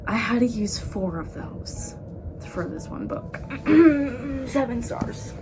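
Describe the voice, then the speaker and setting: A woman book vlogger in casual chat, rambling and excitable with frequent laughs. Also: fairly high pitch, slow, over music.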